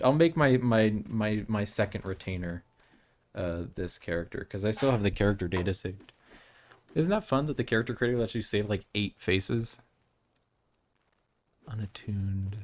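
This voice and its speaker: A man's voice: lowish voice, normal speed. Chatty young man streaming a game. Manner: chatty, opinionated, rambling with restarts. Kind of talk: casual live-stream chat while playing.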